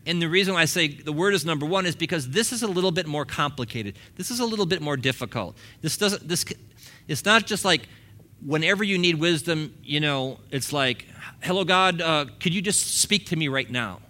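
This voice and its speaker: A man's voice: fairly high pitch, animated, fairly quick, bright, forceful tone. A man in his fifties, a pastor preaching a sermon in a church in a casual, conversational way, acting out little quoted exchanges. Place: church sanctuary.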